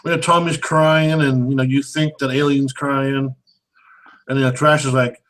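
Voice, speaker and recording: A man's voice: medium pitch, little pitch movement, normal speed, a bit bright, rough recording. Amused rambling man chatting about a film. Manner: amused, rambling, with repeated restarts. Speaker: movie review co-host. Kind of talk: casual chat.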